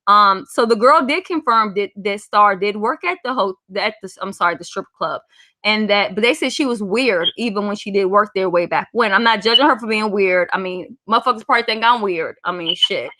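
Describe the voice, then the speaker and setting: A woman's voice: mid-range voice, fairly quick, sharp tone, no echo. A woman hosting a livestream, chatting casually and bluntly with frequent swearing. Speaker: livestream host.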